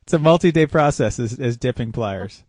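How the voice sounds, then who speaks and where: A man's voice: mid-range voice, expressive, moderate pace, a little mellow, dry recording. A man hosting a casual car podcast, telling wry stories with many restarts. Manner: rambling, wry storytelling with restarts. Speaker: podcast host.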